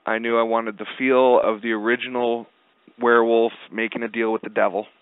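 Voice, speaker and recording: A man's voice: medium pitch, level tone, a little fast, clean tone, no echo. A man telling a story as a guest in a casual interview, blunt and profane, rambling with lots of fillers. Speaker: guest film producer. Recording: tinny dry phone line.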